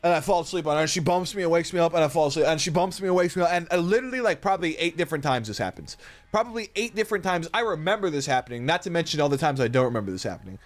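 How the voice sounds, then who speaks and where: A man's voice: on the high side, expressive, very fast. A young man streaming live, telling a rambling, profane story and laughing a lot.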